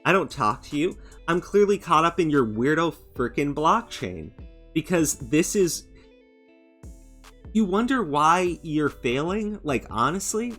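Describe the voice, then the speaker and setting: This commentary-channel host speaks with a slightly high, fairly bright voice, delivering a sarcastic, profane, mocking rant. He stammers fillers and keeps restarting, and faint music runs underneath.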